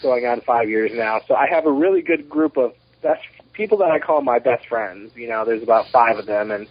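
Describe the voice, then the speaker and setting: A man in his thirties, a documentary producer, chatting as a podcast guest and telling animated, rambling stories with many restarts. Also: mid-range voice, brisk, slightly rough. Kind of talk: casual interview chat. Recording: muffled lo-fi podcast audio.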